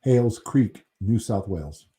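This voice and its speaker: A man's voice: on the low side, lively intonation, a little slow, dark tone, husky. An American man hosting his own channel, chatting casually with viewers in a rambling, easygoing way that includes casual swearing. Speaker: channel host reading chat. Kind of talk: casual livestream chat.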